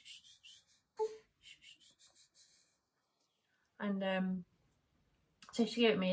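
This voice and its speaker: A young woman telling a long personal story in a chatty, rambling way, full of fillers and restarts. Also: medium pitch. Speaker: vlogger. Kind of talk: casual chat.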